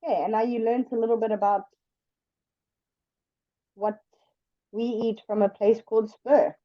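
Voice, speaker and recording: A woman's voice: on the high side, steady tone, no echo. Patient woman teaching English. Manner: patient, explains slowly with examples. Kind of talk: online English lesson. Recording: dull lo-fi dry sound.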